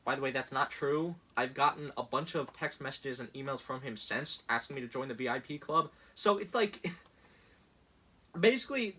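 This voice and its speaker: A man's voice: mid-range voice, bright, forceful tone, slightly rough. A young man ranting sarcastically in casual commentary, exasperated and laughing often.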